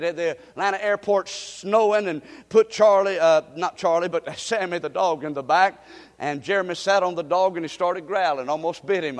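A man preaching a sermon, telling folksy stories and calling on the congregation to answer back. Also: high-pitched. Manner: preaching with call-and-response to the congregation; folksy storytelling with frequent restarts. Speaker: pastor. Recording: long reverb of a church hall.

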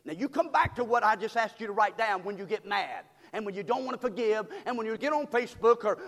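A middle-aged man preaching a sermon as pastor, swinging from hushed talk to shouting. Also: sits high, animated, quick pace, few pauses. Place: church sanctuary. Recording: long reverb of a church hall.

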